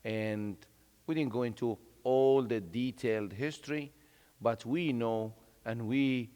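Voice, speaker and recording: A man giving a religious lecture, explaining in a conversational way with frequent pauses and fillers. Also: medium pitch, mellow, clear, resonant tone. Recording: long reverb of a hall.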